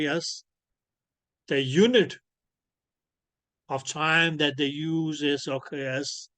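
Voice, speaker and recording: A man teaching ultrasound physics in an online lecture over a computer microphone. He keeps checking whether students follow by asking "clear?", and he fills his sentences with "okay, yes". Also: a little high, sharp tone, dry recording. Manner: peppers speech with filler "okay, yes". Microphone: computer mic on a video call.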